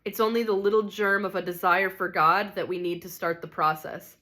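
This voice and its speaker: A patient, gentle male spirit, voiced by a woman reading aloud. He speaks in a calm, measured and reasoning way. It is an audiobook character reading. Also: fairly low pitch.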